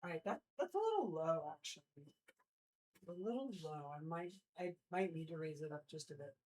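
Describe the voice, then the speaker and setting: A woman's voice: low voice, lively intonation, brisk, darkish tone. A young adult woman streaming live, chatting casually and rambling with lots of fillers as she talks to her chat while setting up her gear at home.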